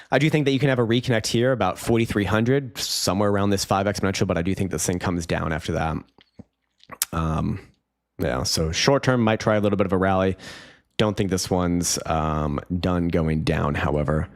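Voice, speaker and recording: A young man giving casual, profane, blunt live-stream commentary on crypto charts and laughing often. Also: low voice.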